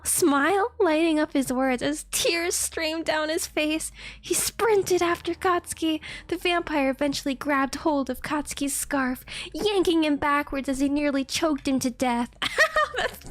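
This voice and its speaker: Giggly high-voiced woman reading fanfiction aloud. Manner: giggly, excitable asides to chat. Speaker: streamer.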